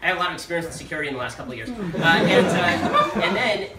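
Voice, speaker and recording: A man giving a political speech at a university, telling sarcastic anecdotes in a rapid-fire manner before a live audience. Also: sits high, animated, a loud crowd, heavy background noise. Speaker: guest speaker at a university. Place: large lecture hall with a live audience. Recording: echoey hall, speaker far from mic, audience laughter.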